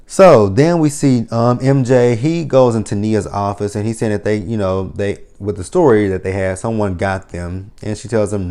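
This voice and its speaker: A man with a fairly low voice runs through a TV episode in a loose, chatty recap. He is sarcastic and swears freely as he comments on each scene. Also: moderate pace, few pauses, mellow. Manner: sarcastic, profane running commentary. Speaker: TV episode reviewer.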